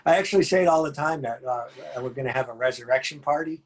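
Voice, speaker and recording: Husky man, rambling and jokey. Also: on the high side, fast. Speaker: horror filmmaker guest. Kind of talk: casual podcast chat.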